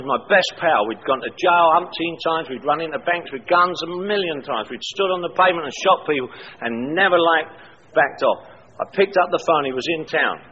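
Speaking in a large hall, a man with a fairly high voice shares his personal testimony at a recovery meeting, telling blunt, colorful stories and acting out the dialogue. It's a dull lo-fi live recording with faint hiss.

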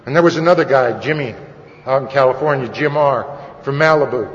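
This recovery-meeting speaker talks fairly quickly in a mid-range voice, recounting his own recovery to the audience with candor, a conversational ease, and wry humor. The meeting hall comes through on a lo-fi recording with long reverb and faint noise.

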